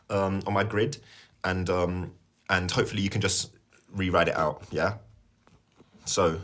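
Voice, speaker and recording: A man's voice: low voice, fairly bright tone, slightly rough. A young man hosting a spiritual live stream, reading a prayer aloud in an earnest, rambling way and checking in with viewers. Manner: earnest, rambling, repeats himself and checks in with "yeah?". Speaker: spiritual livestream host.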